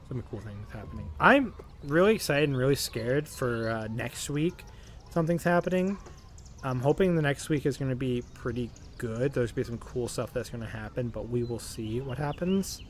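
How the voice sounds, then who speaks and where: A man's voice: medium pitch, expressive, moderate pace, a little hiss or hum. Rambling young streamer, a man. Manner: rambling, full of fillers and restarts, tired. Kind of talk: casual rambling chat.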